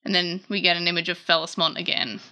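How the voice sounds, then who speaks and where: A woman hosting a casual manga chapter recap, chatty and animated, often correcting herself mid-sentence. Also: on the low side, fast.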